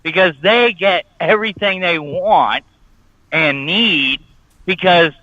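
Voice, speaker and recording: A man's voice: sits high, takes it slowly, sharp tone, no room sound. Man, blunt profane radio co-host, dry studio sound, slightly dull. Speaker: morning radio show co-host. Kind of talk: casual radio banter.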